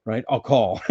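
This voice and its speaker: An older man from California hosting a casual live chat from his off-grid cabin, rambling and laughing often as he greets viewers loudly. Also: on the high side, slightly rough, dull audio. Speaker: live-stream host.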